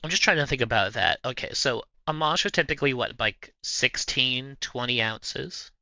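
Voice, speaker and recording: A man's voice: mid-range voice, normal speed, sharp tone, dry recording, dull audio. A man hosting a livestream, casually chatting with viewers in a playful, rambling way. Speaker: livestream host. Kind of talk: casual chat answering viewers.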